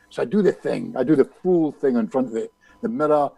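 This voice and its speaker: A man, a hypnotist being interviewed, telling a story in an animated way and acting out other people's lines. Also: mid-range voice, a little fast, vocal fry, no echo, low-quality recording. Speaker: hypnotist guest.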